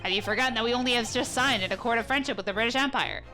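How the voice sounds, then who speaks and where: A woman reading the lines of a furious male official in a video game, ranting fast and indignant. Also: on the high side, over music, natural voice.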